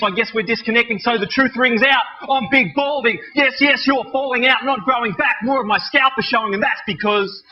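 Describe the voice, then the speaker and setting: A man's voice: high-pitched, fast talker, few pauses, highs cut off. An Australian man in his thirties performing rhyming spoken-word poetry in a rhythmic, wry, self-mocking delivery. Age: 30s.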